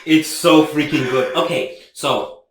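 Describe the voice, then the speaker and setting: A man's voice: fairly high pitch, takes it slowly, reverberant. A man hosting a casual music reaction chat, talking enthusiastically and rambling.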